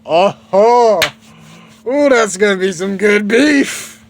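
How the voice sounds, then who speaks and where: A man's voice: high voice, lively intonation, slow, voice pushed up. A man doing a cheerful laid-back young fighter. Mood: playful. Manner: casual and upbeat.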